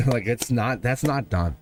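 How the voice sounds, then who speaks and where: A man's voice: medium pitch, lively intonation, slow. A man hosting a live tarot stream in casual, rambling chat, chuckling between sentences. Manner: slips into playful put-on voices when quoting people.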